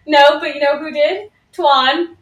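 A woman's voice: sits high, steady tone, unhurried, dull audio. A woman co-hosting a casual podcast, chiming in with short replies and laughing often. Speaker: podcast co-host. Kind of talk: casual chat. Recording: roomy echo, mic at a distance.

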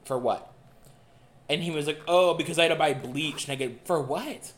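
A young man co-hosting a podcast, telling a dating story in a casual, animated and profane way. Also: a little high, a little fast. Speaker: podcast co-host. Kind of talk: casual chat.

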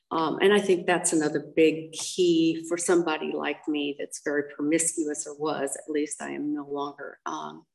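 A woman's voice: sits low, creaky, poor audio. An older American woman frankly telling her own life story in an interview, full of ums and acted-out quotes. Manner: blunt, frank, acts out quoted voices, frequent ums. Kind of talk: candid personal storytelling.

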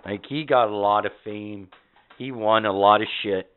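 A man's voice: fairly low pitch, normal speed, smooth. Profane rambling storyteller man, tinny sound. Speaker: podcast co-host. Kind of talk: casual storytelling chat. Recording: tinny phone-like audio.

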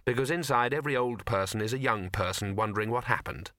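A man narrating a comic fantasy audiobook with expressive storytelling. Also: mid-range voice, fast, dry recording, studio quality. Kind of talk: scripted narration.

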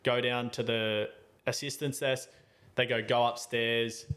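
A young man tells a story on a podcast in a relaxed, chatty way. He animates it by putting on voices for the people in it, and his voice swings high and low as he goes. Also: measured pace. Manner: animated, acts out both sides of the story with voices. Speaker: podcast co-host. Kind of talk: casual storytelling chat.

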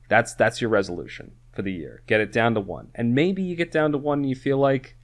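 A man's voice: medium pitch, animated, a little fast, hardly any pauses. A man co-hosting a podcast, chatting casually and rambling with many restarts and fillers. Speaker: podcast co-host. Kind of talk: casual chat.

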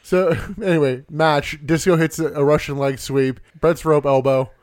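A man's voice: on the high side, fairly even intonation, moderate pace, darkish tone. A man co-hosting a casual podcast chat, swearing freely and laughing often while working through his notes. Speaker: podcast co-host. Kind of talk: casual wrestling recap chat.

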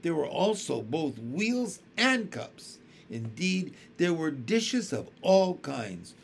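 Expressive man reading a children's book. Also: a little high, slow, gravelly, slightly rough. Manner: expressive storytelling. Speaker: audiobook reader.

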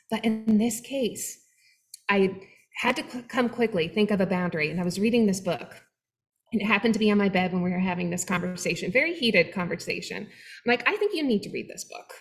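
A middle-aged woman co-hosting a faith-based talk, telling a personal story with lively, acted-out quotes. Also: medium pitch, brisk. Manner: animated storytelling, acting out quoted voices. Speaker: webinar co-host. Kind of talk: candid faith-based conversation.

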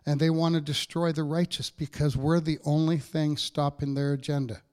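A man's voice: on the high side, little pitch movement, normal speed, darkish tone. A man preaching a sermon as pastor, in a conversational style with frequent checks with the congregation.

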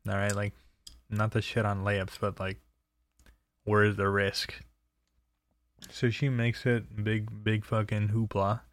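A man's voice: lowish voice, completely flat delivery, slow pace, pauses often, dry recording. A young man telling personal stories in a casual, rambling way, swearing freely and filling with "like" and "um". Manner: rambling and profane, full of fillers. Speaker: storyteller.

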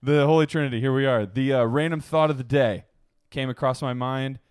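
Man, podcast co-host, rambling casual chat, laughs a lot, mid-pitched voice, dry close mic. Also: steady tone, a little fast, darkish tone, smooth, dry recording. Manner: laughing, rambling, swears freely.

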